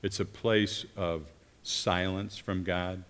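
A man preaching a sermon in an earnest, halting way, often breaking off and restarting his sentences. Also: low voice, level tone, fairly bright tone, smooth. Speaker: pastor or worship leader. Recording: long reverb of a church hall.

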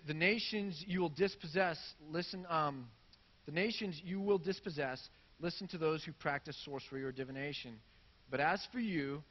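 A man preaching a sermon with a fairly high voice and easy, conversational delivery. He reads scripture aloud and animates the crowd's reactions in everyday speech. The recording sounds dull and lo-fi. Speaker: pastor.

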